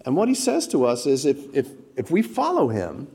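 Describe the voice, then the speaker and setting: This preacher's medium-pitched, husky voice swoops wildly in pitch as he speaks at normal speed. Direct and emphatic, he fires rhetorical questions at the congregation, his delivery building into loud, repeated emphasis.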